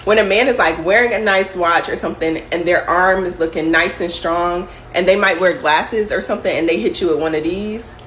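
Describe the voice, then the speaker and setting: A young woman from the American South talks casually to the camera in a low, playful voice, and she breaks into laughs easily. A faint room hush sits behind her. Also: fairly quick, hardly any pauses, slight background noise. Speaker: comedian.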